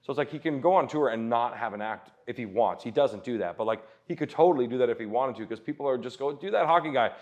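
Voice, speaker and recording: A swearing, storytelling comedian. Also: male voice, mid-range voice, darkish tone, muffled recording. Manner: swearing, quick storytelling with acted-out quotes. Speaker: comedian guest. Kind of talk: casual podcast chat.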